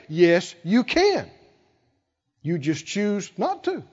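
A man preaching a sermon with emphasis, acting out quoted voices and building to loud peaks. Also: high-pitched, wildly swooping pitch, slow. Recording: dull, reverberant hall sound.

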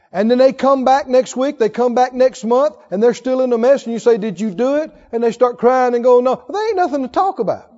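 A man preaches in a very high voice, drawing answers from the congregation and pressing his points hard. His sound carries a long church-hall reverb, and the recording is dull and muffled. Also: a little mellow. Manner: preaching with call-and-response, rising to emphatic exhortation. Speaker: pastor. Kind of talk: sermon. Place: church sanctuary.

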